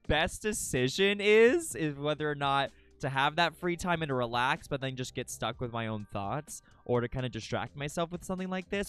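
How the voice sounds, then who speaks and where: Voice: medium pitch, a bit bright. A live streamer chatting casually with viewers, greeting the chat by name and swearing freely as they ramble. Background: faint background music.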